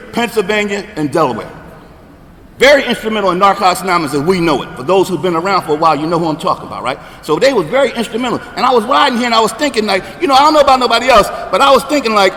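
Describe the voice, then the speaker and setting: A man in his sixties sharing his recovery story at a meeting, talking conversationally and checking in with the room, getting louder and emphatic on key points. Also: high-pitched, in a large hall. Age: 60s. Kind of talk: personal recovery share.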